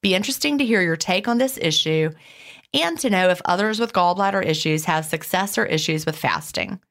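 A woman co-hosting a podcast, chatting in an animated way with many "you know" fillers and reading out listener questions. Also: fairly low pitch, brisk. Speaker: podcast co-host.

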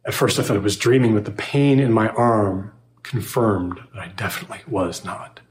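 A man with a lowish voice tells a scary story in the first person, reading at a measured pace. His voice carries a noticeable roomy echo. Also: steady tone. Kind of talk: scripted horror narration.

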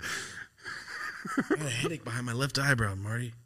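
A man's voice: a little slow, husky. A young man hosting a podcast, telling stories in a loose, profane casual chat. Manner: animated, profane storyteller doing squeaky high impressions. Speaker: podcast host.

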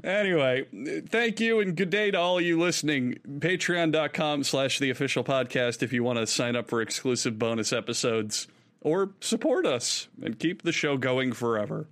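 Swearing, animated podcast host man. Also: medium pitch, moderate pace. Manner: animated, swears freely, laughs often. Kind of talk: casual chat.

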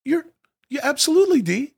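A man's voice: very high voice, big pitch swings, brisk, vocal fry. A man from Canada co-hosting a comedy podcast, joking and swearing through a vlog recap. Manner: jokey, swears a lot, drawls signs in a put-on Canadian accent. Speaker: podcast co-host. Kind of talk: casual comedic chat and vlog commentary.

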